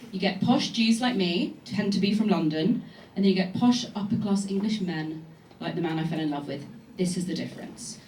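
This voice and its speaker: A woman's voice: medium pitch, reverberant, far from the mic, slight background noise. A woman comedian doing a punchy, conversational stand-up set, recorded live from the stage of a comedy club. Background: laughing audience.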